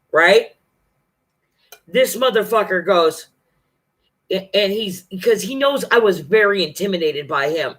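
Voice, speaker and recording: Bright-voiced vlogger telling a story. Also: mid-range voice. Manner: profane, emphatic, quotes others in dialogue. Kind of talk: casual storytelling monologue.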